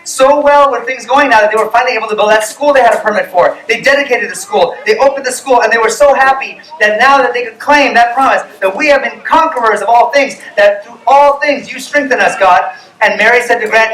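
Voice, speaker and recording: A man storyteller telling a missionary story to children, animated and acting out the characters' voices. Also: extremely high pitch, brisk, reverberant, recorded from a distance, a little hiss or hum, rough recording. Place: camp meeting tent.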